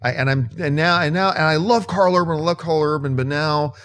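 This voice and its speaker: A man hosting a casual movie news chat, excitable and emphatic, repeating words when he gets worked up. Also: a little high, a little fast. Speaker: host.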